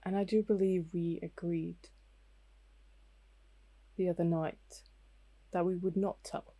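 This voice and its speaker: A woman player speaking in character in a calm, measured way during a tabletop game. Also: fairly low pitch, dry recording. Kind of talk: in-character tabletop role-play.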